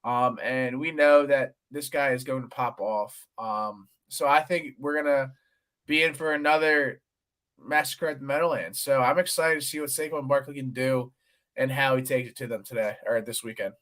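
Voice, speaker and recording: Excitable bright-voiced man, sports podcast. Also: medium pitch, normal speed. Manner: excitable, loud and crude. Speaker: podcast co-host. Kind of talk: casual sports chat.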